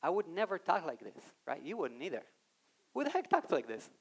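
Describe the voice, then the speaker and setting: Guy on stage at a conference, lively, kinda high voice, talks right to the crowd. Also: a little fast, creaky. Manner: animated, addresses the audience directly; acts out quoted voices in his talk. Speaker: conference speaker. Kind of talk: live conference talk. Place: conference stage before a live audience.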